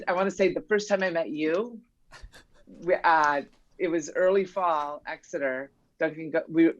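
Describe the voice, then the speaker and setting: A woman's voice: sits low, dry recording, muffled recording. Middle-aged woman telling stories on a podcast. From New England. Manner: warm storytelling, acting out remembered dialogue. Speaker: guest, mother of a basketball player. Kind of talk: casual podcast chat.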